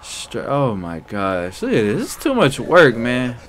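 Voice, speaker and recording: Excitable young man yelling at a game. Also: medium pitch, unhurried, hardly any pauses, background noise. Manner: loud, excitable, talks back to game characters. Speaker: gaming YouTuber. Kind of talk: let's play commentary.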